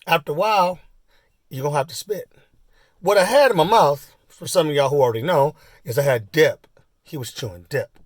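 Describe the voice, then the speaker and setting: A man's voice: medium pitch, dry recording, studio quality. Man in his forties telling a rambling story. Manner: rambling, full of fillers and asides; animated when acting out the story. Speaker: vlogger. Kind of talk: casual storytelling.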